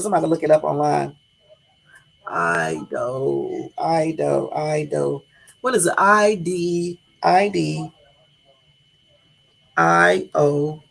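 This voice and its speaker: Raspy, gravelly-voiced woman streamer. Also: on the low side. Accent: Californian. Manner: chatty, laughs at her own stumbles, addresses chat as y'all. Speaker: livestream host. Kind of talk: casual live-stream chat.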